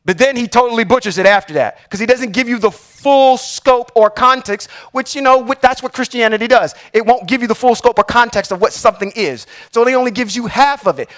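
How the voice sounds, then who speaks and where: A man teaching Torah on a live stream, reading verses slowly and with emphasis, then explaining them with frequent "okay?" check-ins. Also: extremely high pitch, fairly bright tone. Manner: reads verses slowly and emphatically, then comments with rhetorical questions.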